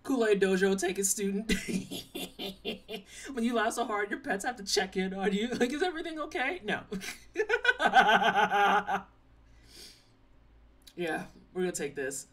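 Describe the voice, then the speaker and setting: A young adult streamer plays a game live, joking around and teasing chat in loose, playful commentary. The mid-range voice moves a little fast with few pauses, picked up by a slightly distant mic with faint game music behind it.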